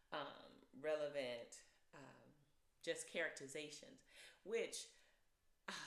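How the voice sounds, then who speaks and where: A woman's voice: deep voice, bright, forceful tone, echoey room. A woman giving a chatty movie review, with many fillers and restarts. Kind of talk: casual spoken review.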